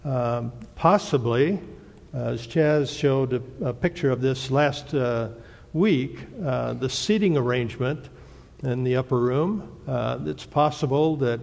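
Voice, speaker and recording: Gravelly-voiced man teaching a Bible lesson. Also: mid-range voice, unhurried, darkish tone. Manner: plain, hesitant teaching with many "uh" fillers. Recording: long hall reverb.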